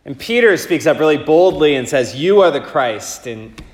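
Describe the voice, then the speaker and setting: A man reads the gospel aloud and then preaches a homily in a relaxed, chatty way with plenty of fillers. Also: a little high, normal speed. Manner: casual, conversational preaching with many fillers. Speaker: priest. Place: church. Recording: echoey church with long reverb.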